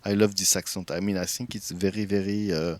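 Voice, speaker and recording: A male streamer with a lowish voice talks casually while he plays, rambling through false starts and thinking aloud. His voice is close to the mic and dry, with no room sound behind it. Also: fairly even intonation, a little fast, darkish tone, no echo. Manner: rambling, many restarts, chats with viewers while thinking aloud.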